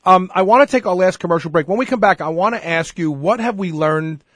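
Male radio host, emphatic and halting, slightly high voice, dry close mic. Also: fairly bright tone, no echo. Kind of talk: radio talk show interview.

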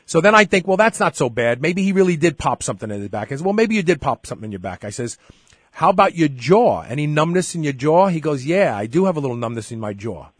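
Middle-aged man, husky voice, fairly high-pitched, dry close sound, animated storytelling. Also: fast talker, no echo. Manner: animated storyteller, acts out dialogue. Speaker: show host. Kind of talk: casual storytelling chat.

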